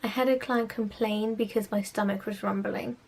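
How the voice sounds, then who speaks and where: A woman's voice: mid-range voice, steady tone, normal speed, vocal fry, darkish tone. A young woman, a spa therapist, ranting sarcastically about clients in a casual vlog. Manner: exasperated, sarcastic storytelling.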